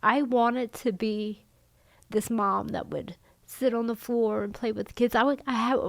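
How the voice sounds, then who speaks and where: A middle-aged woman telling her own story as a podcast guest, halting and soft-spoken, often trailing off and restarting. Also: a little high, vocal fry, dry recording. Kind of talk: candid personal storytelling.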